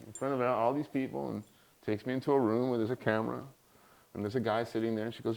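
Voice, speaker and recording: A man's voice: mid-range voice, a little fast, gravelly, long pauses. A middle-aged man giving a guest lecture, telling an anecdote and acting out the people he quotes. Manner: animated, acts out quoted voices. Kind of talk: storytelling in a lecture.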